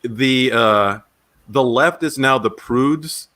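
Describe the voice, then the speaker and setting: A man's voice: medium pitch, takes it slowly, bright, forceful tone. A man co-hosting a podcast, bantering casually, joking and laughing often. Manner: laughs often, jokey, sings snatches of songs. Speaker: podcast co-host.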